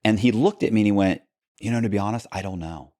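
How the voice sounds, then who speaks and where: Man, low voice, animated storytelling, quoted dialogue, dry close sound. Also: fast talker, no echo. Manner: animated retelling with quoted dialogue and frequent restarts. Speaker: podcast guest, former con man. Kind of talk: storytelling in a long-form interview.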